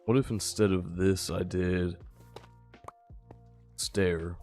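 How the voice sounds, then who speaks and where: A tired young man giving relaxed, rambling live-stream commentary while he plays, chatting with his viewers. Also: sits low, slow pace, faint music behind. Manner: laid-back, rambling, chats with viewers. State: a little tired. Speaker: gaming streamer.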